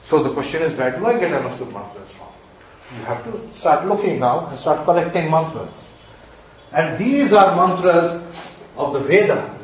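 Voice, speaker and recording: At normal speed and with an animated delivery, a man with a fairly high voice lectures on astrology, stressing and repeating important points while checking his students follow through quizzes. Expect a slight hiss or hum, lots of echo, and a distant mic.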